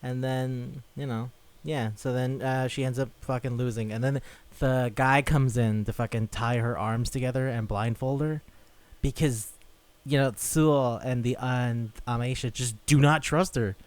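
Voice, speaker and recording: A man's voice: medium pitch, steady tone, unhurried, smooth. A man co-hosting a podcast in casual chat, swearing freely and acting out quotes as he talks. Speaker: podcast co-host.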